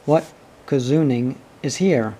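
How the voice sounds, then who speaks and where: A man's voice: medium pitch, takes it slowly, mellow. A man reading aloud as a proud, brooding male pirate captain from a storybook, in a theatrical, commanding way.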